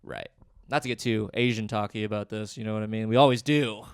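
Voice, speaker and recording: A man's voice: on the low side, steady tone, quick pace, clean tone, dry recording. Young man, podcast co-host, casual storytelling, laughs a lot, dry close-mic sound. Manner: storytelling, laughs often, acts out voices in anecdotes. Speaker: stand-up comedian. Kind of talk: casual chat.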